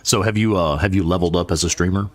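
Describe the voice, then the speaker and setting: A man's voice: low voice, fast talker. A man hosting a casual live gaming stream, laid-back and joking with his co-host.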